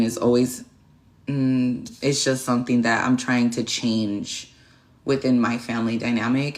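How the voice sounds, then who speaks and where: Streaming a tarot session, a woman with a darkish bass voice chats casually and bluntly, swearing often. She wanders from point to point and stops to thank viewers by name.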